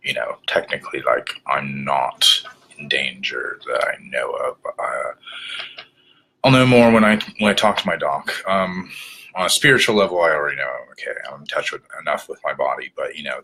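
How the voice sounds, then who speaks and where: A man's voice: rumbling low, bright, forceful tone, a little hiss or hum. A worn-out man rambling through a candid video diary in a self-described bad British accent, hesitant and full of fillers. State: mentally exhausted. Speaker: vlogger.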